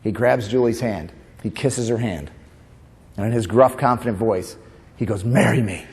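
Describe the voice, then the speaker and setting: A man's voice: fairly low pitch, moderate pace. Man telling stories in a reverberant hall. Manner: emotive storyteller, mixing tender moments with animated comic bits. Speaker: comedian and motivational speaker. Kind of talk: keynote speech at a conference. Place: conference hall.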